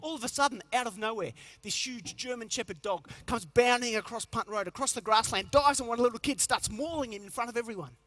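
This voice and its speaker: A middle-aged man speaks from a stage in a high, bright, forceful voice. He tells jokes and stories at a lively clip and drops briefly into character voices. The sound is dry and close, with almost no room echo. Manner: storytelling with quick joke voices. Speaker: motivational speaker. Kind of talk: comic keynote speech to a large crowd.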